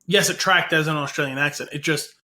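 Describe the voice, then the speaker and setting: Bright-voiced, opinionated man in podcast chat. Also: a little high, steady tone, fast. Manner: frank, opinionated, hedging with many "like"s. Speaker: podcast co-host. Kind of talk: casual movie podcast chat.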